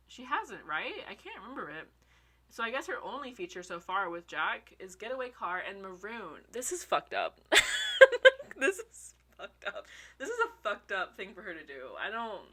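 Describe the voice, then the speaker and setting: A young woman chatting casually to her viewers, excitable, swearing freely and laughing often. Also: mid-range voice. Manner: talks to her viewers as y'all. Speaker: vlogger. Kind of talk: casual chat.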